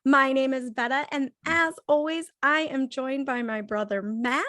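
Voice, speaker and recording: Giggly lady hosting a chatty podcast, high voice, dry room. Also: unhurried, a bit bright, dry recording. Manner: bubbly, laughs often. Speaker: podcast co-host. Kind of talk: casual comedic chat.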